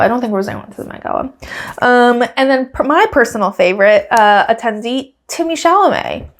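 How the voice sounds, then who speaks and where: A woman hosting her podcast, recapping a race weekend in casual, giggly chat and acting out quotes in raised voices. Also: medium pitch. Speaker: podcast host.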